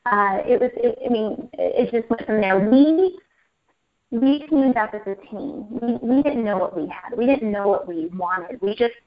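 A woman telling her personal story in an interview, animated and emotional, repeating phrases as she goes. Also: fairly high pitch, normal speed. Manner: animated, repeats herself, laughs and tears up. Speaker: interview guest. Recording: muffled lo-fi audio.

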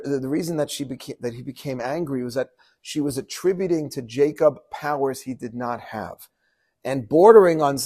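Animated man teaching a Torah lesson. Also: mid-range voice. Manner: animated, quotes Hebrew verses then translates; asks rhetorical questions to the audience. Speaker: rabbi.

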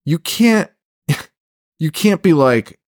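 A man's voice: a little high, lively intonation, very slow, a little mellow, no echo, clean studio sound. A man co-hosting a casual movie review podcast, ranting with lots of swearing and laughing often. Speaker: podcast co-host.

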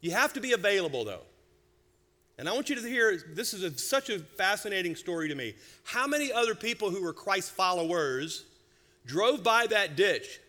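Middle-aged pastor guy, high bright voice, joking storyteller, big echoey church hall. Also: moderate pace. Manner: animated, humorous storyteller. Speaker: senior pastor. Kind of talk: sermon storytelling.

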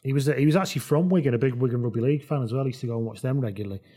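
A man's voice: mid-range voice, rapid-fire. Chatty man telling a football story. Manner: lively storyteller, jokey. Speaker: podcast host. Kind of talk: casual football chat.

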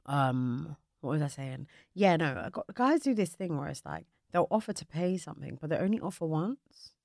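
A woman's voice: low voice, expressive, moderate pace, vocal fry, darkish tone, no room sound, clean studio sound. A young woman co-hosting a podcast in a playful, chatty way, often laughing. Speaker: podcast co-host. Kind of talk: casual chat.

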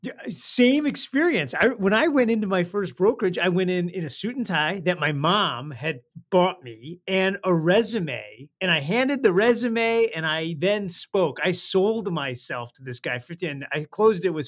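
A man's voice: sits high, moderate pace, hardly any pauses. A man from the American Midwest hosting a podcast, telling his own stories and quoting the people in them. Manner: lively storyteller, quotes people in his stories. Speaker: podcast host. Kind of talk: casual podcast chat.

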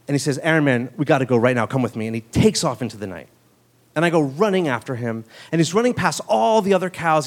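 A man with a slightly raised pitch tells a live story in a loose, conversational way. He keeps stopping to throw in "like" and quick asides, so the telling stays casual and chatty.

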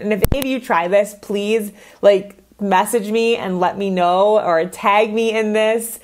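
A woman's voice: mid-range voice, moderate pace, hardly any pauses. A woman hosting her own podcast, talking casually and candidly, with lots of "like" fillers. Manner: chatty, candid, says "like" a lot. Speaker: podcast host.

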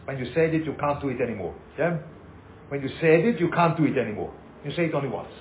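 Emphatic rabbi, echoey lo-fi room. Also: male voice, medium pitch, lively intonation, fast. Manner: emphatic, repeats himself, acts out little scenes. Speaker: rabbi teaching a class. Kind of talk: animated informal Torah talk. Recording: echoey, tinny lo-fi room recording with hiss.

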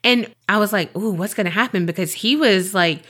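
A woman's voice: medium pitch, brisk, pushed and bright. A woman with a Southern US accent co-hosting a podcast, reading a listener's email aloud and then chatting casually with lots of fillers and swearing. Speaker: podcast co-host.

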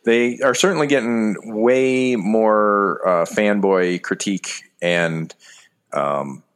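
A man co-hosting a podcast in casual chat, telling stories in an animated way and laughing through them. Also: fairly low pitch, slow pace, clean tone. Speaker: podcast co-host. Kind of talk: casual chat about movies.

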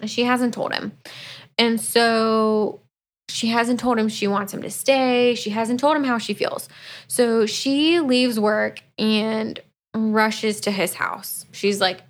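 Slow, chatty woman podcast host. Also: fairly high pitch, steady tone. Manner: chatty retelling with quoted asides. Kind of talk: casual book review chat.

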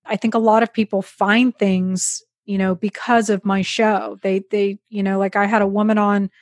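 A woman's voice: mid-range voice, flat delivery, normal speed, no echo, studio quality. A woman guest on a podcast, telling stories in a chatty way with many fillers. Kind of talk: casual chat.

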